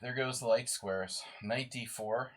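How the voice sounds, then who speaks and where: A man's voice: medium pitch, fairly even intonation, a little slow. A sleep-deprived man streaming a live chess game, muttering moves to himself and chatting with viewers.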